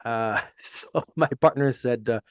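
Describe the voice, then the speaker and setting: A middle-aged man with a French accent, a native French speaker, chatting casually as podcast co-host, halting and restarting often. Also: medium pitch, smooth, no echo, studio quality. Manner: rambling, halting with many restarts. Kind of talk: casual chat.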